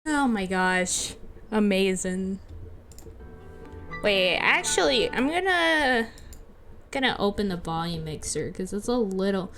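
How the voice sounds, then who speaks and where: A woman's voice: mid-range voice, big pitch swings, takes it slowly, pauses often, fairly bright tone, soft background music. A woman streamer in casual let's-play chat, giggly and rambling as she talks over a game. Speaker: gaming streamer.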